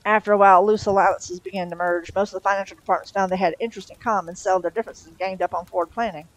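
A woman reading a novel aloud in a steady, expressive storytelling manner. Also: mid-range voice, racing, no echo, poor audio. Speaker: reader.

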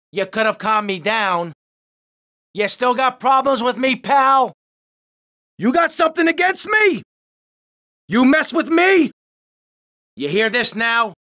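A man's voice: very high voice, bright, forceful tone, full character voice. An actor playing a hot-tempered middle-aged male gangster in a video game, barking short hostile taunts. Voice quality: gravelly, menacing. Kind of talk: game voice lines.

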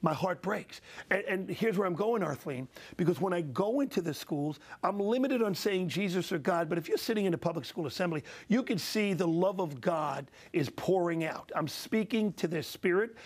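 A man's voice: high voice, animated, moderate pace, hardly any pauses. A middle-aged man telling emotional stories with passion and a preacher's repetition. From Italian-American. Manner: passionate, preacherly, repeats phrases for emphasis. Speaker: guest speaker. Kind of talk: emotional storytelling.

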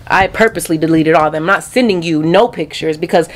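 A woman's voice: on the low side, animated, quick pace, few pauses, slight background noise. A young woman with a Southern US accent chatting casually to her viewers in a vlog, sassy and talkative, calling them y'all and honey. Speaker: vlogger. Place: home closet.

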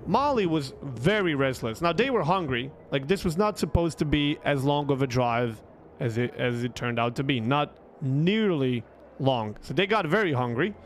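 A young man casually telling a long, animated story, swearing freely and restarting his sentences. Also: a little high. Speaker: streamer telling stories.

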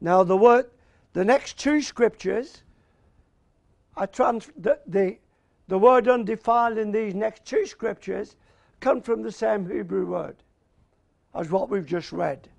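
Australian male preacher, slow, deliberate sermon delivery, high, gravelly tone. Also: no echo. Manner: slow and emphatic, repeats key words, asks "Amen?".

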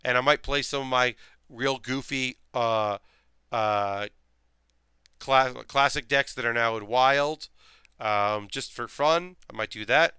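A man's voice: medium pitch, takes it slowly, bright, forceful tone, clear, resonant tone, dry recording. A man streaming a model build, rambling casually and muttering to himself as he works. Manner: rambling, thinks aloud, mutters to himself while working. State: sleepy, yawning. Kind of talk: casual live-stream chat while building.

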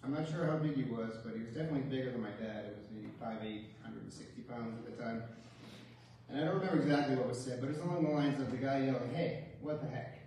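A man's voice: medium pitch, fast, dark tone, slight background noise. Man telling wry stories in an echoey church. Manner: wry storytelling with light chuckles. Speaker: son giving a eulogy. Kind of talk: funeral eulogy with humorous anecdotes. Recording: very echoey church, distant mic.

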